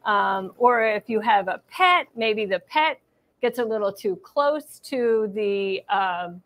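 A woman's voice: mid-range voice, expressive, slow, fairly bright tone. A middle-aged woman teaching machine embroidery in a live demonstration, chatty and reassuring, thinking aloud as she works.

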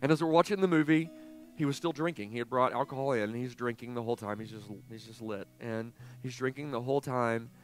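A pastor in his forties preaching a sermon, telling a personal story with animated swings from hushed to loud. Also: medium pitch, fast talker, faint music behind. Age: 40s. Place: church sanctuary.

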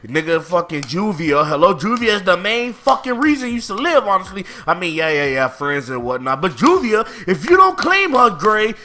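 Young guy hyping up a manga chapter, high bright voice, swearing and slang everywhere. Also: moderate pace, hardly any pauses, slight background noise. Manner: animated, excitable, heavy slang and swearing. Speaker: anime and manga reviewer. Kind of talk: casual chat.

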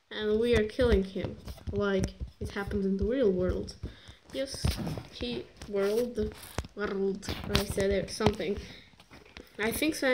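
Woman game reviewer, slightly high voice, joking and rambling; noisy take with clicks. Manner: joking, self-interrupting, rambling. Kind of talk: rambling gameplay commentary.

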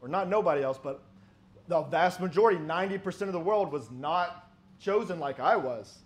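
High-voiced man preaching emphatically. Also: expressive, brisk. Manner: emphatic, argumentative preaching with rhetorical questions; reads old-style scripture aloud. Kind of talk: sermon.

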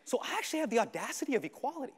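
A male comedian in his thirties tells a story on a theater stage, his high voice leaping up and down. He swings from shouting to hushed asides. A long reverb fills the hall. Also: very fast, husky. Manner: animated, expressive, shifts between shouting and hushed. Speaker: stand-up comedian. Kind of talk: stand-up storytelling.

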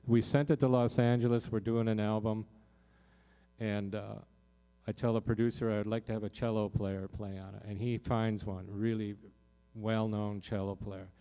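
Low-voiced man telling a heartfelt story. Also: flat delivery, normal speed, warm tone. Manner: loose, heartfelt storytelling with many fillers and restarts. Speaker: singer-songwriter performing in concert. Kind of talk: personal story told to a live audience.

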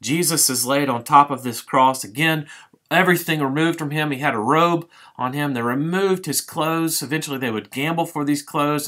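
A middle-aged man, a pastor, giving a devotional sermon as a vivid, dramatic retelling that slows down for emphasis. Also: on the high side, pushed and bright.

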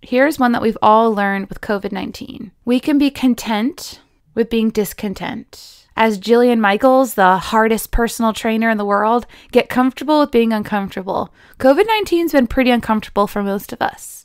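A lively woman with a slightly high voice talks through a relaxed spoken lesson. She is chatty, laughs often and drops into playful voices to quote people. The recording is close and dry. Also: moderate pace, clean tone, dry recording. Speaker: yoga teacher and podcast host.

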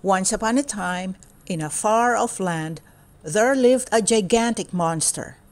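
A woman reading a children's storybook aloud in a steady, clear storytelling manner. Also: medium pitch, measured pace. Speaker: storybook reader.

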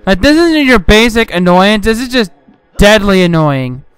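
A young man giving casual, rambling commentary over a game he is playing, getting frustrated and yelling at enemies. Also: high voice, animated, normal speed, smooth, no echo. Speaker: gaming channel host. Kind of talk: casual let's play commentary. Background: game music.

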